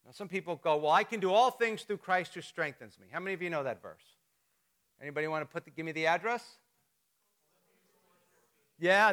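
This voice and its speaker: A middle-aged male pastor with a high, bright voice gives a sermon in a church. He tells stories in a chatty, conversational way and jokes with his congregation. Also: very animated, brisk, pauses often. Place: church sanctuary.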